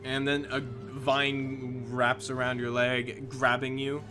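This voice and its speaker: A man's voice: mid-range voice, monotone, slow, pushed and bright, faint music behind. A man narrating a tabletop game as game master in a loose way with plenty of fillers.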